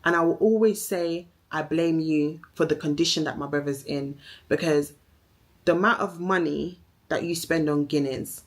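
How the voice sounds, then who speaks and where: A woman's voice: deep voice, moderate pace. A young woman with a Jamaican accent delivering a heated, accusing, repetitive social media rant, swearing as she goes. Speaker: vlogger.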